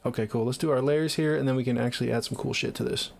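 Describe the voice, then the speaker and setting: A young man with a Seattle accent talks casually on his livestream, answering viewer comments. His voice has a gravelly, creaky edge at an ordinary pitch. He jokes and swears in an easygoing, offhand way. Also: fairly even intonation, fast talker, over loud music. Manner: laid-back, profane, joking. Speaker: livestreaming music producer.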